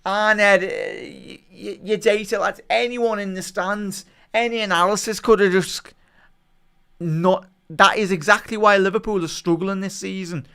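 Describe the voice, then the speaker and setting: A man with a fairly high, smooth voice calls a football match live for his online chat. He is an excitable fan who mutters through quiet spells, then erupts in outrage at refereeing calls. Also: measured pace. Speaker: watch-along match commentator. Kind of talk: live fan watch-along commentary.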